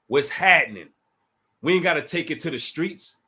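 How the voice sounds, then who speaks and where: A man's voice: on the high side, lively intonation, moderate pace, bright, forceful tone. A man from the Washington, D.C. area hosting a casual livestream, taunting a rival and talking straight to his chat. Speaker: livestream host.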